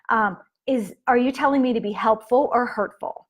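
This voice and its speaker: Woman, parenting coach, casual live-stream delivery, slightly high voice, chatty with fillers. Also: lively intonation, normal speed, few pauses. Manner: chatty, with fillers and acted quotes of kids.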